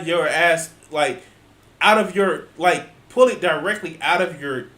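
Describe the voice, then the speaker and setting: A man's voice: on the high side, a little slow, sharp tone. Exasperated, sweary man in an echoey room. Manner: exasperated, profane, sarcastic. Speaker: reaction video host. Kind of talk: ranting reaction commentary.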